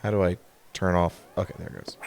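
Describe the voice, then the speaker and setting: A man's voice: deep voice, level tone, quick pace, gravelly, darkish tone, a little hiss or hum. A man playing a video game and chatting casually, mostly with short reactions. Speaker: let's play player. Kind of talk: casual gaming chat. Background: game music.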